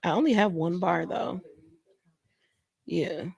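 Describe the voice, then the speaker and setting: A woman's voice: on the low side, slow pace, vocal fry, a crowd in the background. A middle-aged woman co-hosting a podcast, laid-back and teasing in casual chat.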